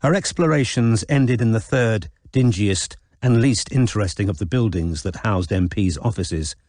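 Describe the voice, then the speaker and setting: A male audiobook narrator reads in a measured, even way. His voice sits on the low side. The recording is close and dry, with no room sound. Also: no room sound. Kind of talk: scripted narration.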